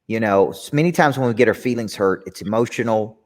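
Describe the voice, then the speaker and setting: A man's voice: fairly low pitch, fast talker, a little mellow, big-room sound. Earnest man. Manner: earnest, reflective, repeats words when starting sentences. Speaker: business coach, guest. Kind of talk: candid interview conversation.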